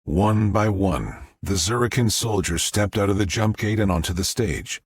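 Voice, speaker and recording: A man narrating an audiobook in a measured, dramatic storytelling manner. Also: lowish voice, husky, no room sound, clean studio sound. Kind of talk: scripted narration.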